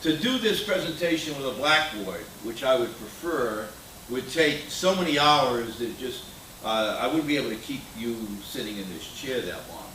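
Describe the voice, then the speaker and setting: A man's voice: mid-range voice, pushed and bright, slight background noise. An older man giving a conference keynote, opinionated and anecdotal, with frequent filler words. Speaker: keynote speaker. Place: conference hall. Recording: roomy hall sound from a distant mic.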